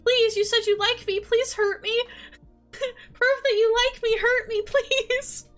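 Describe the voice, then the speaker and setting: A woman quoting a clingy, wounded young man in a soft, earnest, begging voice. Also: very high-pitched, steady tone, slow pace, soft background music, pitched above the performer's own voice. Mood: pleading.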